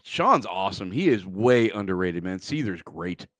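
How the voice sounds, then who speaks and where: A man's voice: low-pitched, very animated, normal speed, fairly bright tone, no echo. A man co-hosting a podcast, chatting casually and chiming in with short agreements and his own music memories. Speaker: co-host, former backing singer.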